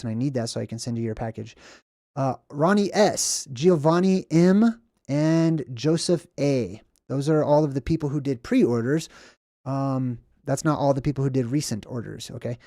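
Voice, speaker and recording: A man's voice: fairly high pitch, dark tone, no echo, clean studio sound. A man hosting a casual livestream, reading the chat and ranting in a rambling, emphatic way that repeats itself, indoors in a lamp-lit room.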